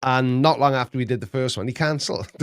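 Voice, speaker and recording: A middle-aged man hosts a relaxed live chat stream, reading viewer messages and cracking jokes as he goes. He laughs easily. His voice sits at an ordinary pitch, recorded close with a dry sound. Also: a little fast, clear, resonant tone, no room sound. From Wales. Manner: jokey, laughs often, reads chat aloud. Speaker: livestream host.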